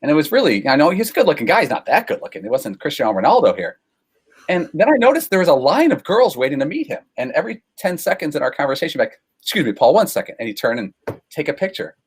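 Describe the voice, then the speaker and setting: Husky-voiced man telling rambling stories. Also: fairly high pitch, sing-song, fast, poor audio. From Chicago, USA. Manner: rambling, self-deprecating anecdotes with many fillers. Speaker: guest. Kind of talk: casual storytelling over a call.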